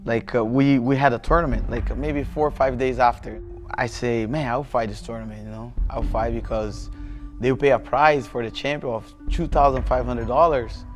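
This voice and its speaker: A man in his thirties with a Brazilian Portuguese accent tells a personal story in an interview, halting and restarting, with many fillers. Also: medium pitch, steady tone, soft background music. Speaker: jiu-jitsu athlete.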